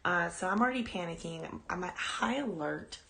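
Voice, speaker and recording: Rambling and chatty, a woman podcast host shares her own ghost story on a live stream, pausing to coo at her dog. Her voice is fairly low and sharp-toned, and she sounds animated at a normal speed.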